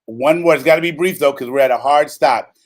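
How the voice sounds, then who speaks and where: A man's voice: on the high side, a little fast. A man hosting a radio talk show, upbeat and playful.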